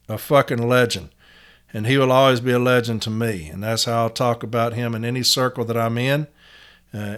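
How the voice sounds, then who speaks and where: A man's voice: mid-range voice, fairly bright tone. A man hosting a podcast, telling a story in a blunt, profane, casual way and acting out the people in it. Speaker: podcast host.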